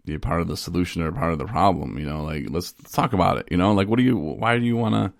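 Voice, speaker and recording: A man's voice: sits low, racing, gravelly, no room sound. A young man co-hosting a podcast in casual chat, telling candid stories in a rambling way with frequent restarts, speaking into a studio microphone. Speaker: podcast co-host.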